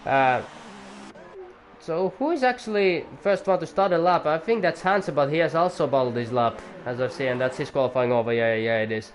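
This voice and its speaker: A man calls a sim racing qualifying session live. His voice sits a little high, and he stumbles through plenty of fillers and corrects himself as he goes. A faint hiss of noise runs under the mic. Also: expressive, fairly quick. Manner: hesitant, many fillers and self-corrections. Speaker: race commentator. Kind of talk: live esports racing commentary.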